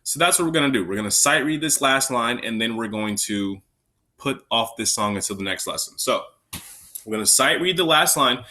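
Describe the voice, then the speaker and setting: A man's voice: mid-range voice, lively intonation, fairly quick, sharp tone. A man teaching an elementary recorder lesson, counting students in and calling out note names step by step. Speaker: music teacher.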